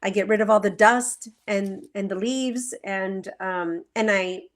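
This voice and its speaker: This feng shui practitioner speaks at a measured pace with a medium-pitched, steady voice. She's being interviewed conversationally over a live video call, explaining in earnest and leaning heavily on fillers and rhetorical questions.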